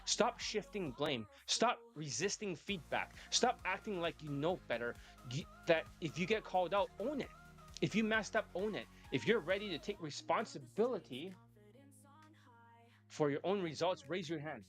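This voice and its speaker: A man's voice: high voice, animated, normal speed, soft background music. Blunt, profane male dating coach. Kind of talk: live coaching talk.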